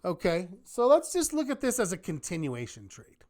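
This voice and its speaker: A man teaching a live online trading class in a lively manner, often asking rhetorical questions. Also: high voice, normal speed. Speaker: trading instructor.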